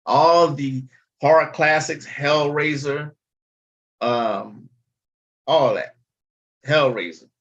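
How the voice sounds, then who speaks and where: A man's voice: a little high, fairly even intonation, very slow, pauses often, dull audio. A man hosting a casual livestream, talking bluntly and chattily and swearing freely. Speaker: livestream host.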